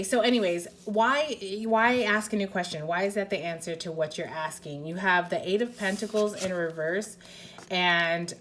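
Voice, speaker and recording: Low-voiced woman giving a rambling tarot reading. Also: fairly bright tone, a little hiss or hum. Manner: chatty and rambling, many fillers and restarts, swears casually. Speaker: tarot card reader. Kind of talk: casual pick-a-card tarot reading.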